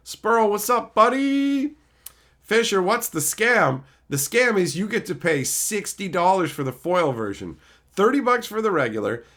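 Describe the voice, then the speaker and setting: A man's voice: a little high, fairly bright tone. A middle-aged man ranting casually on a livestream, reading chat and mocking commenters, with frequent swearing. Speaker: streamer reading live chat.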